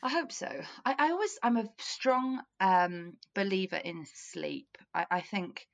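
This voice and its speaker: A woman's voice: medium pitch, sing-song, unhurried, vocal fry. A young woman co-hosting a podcast, chatting casually with a self-mocking, easy-laughing manner. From Wales. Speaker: podcast co-host. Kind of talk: casual chat.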